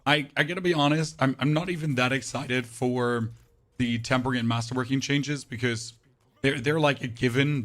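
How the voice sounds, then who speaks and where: While playing, a game streamer with a hoarse, nearly worn-out voice chats casually with his audience. His pitch is ordinary and mid-range, and he talks in a flat, unemphatic monotone, often tossing "right?" at chat.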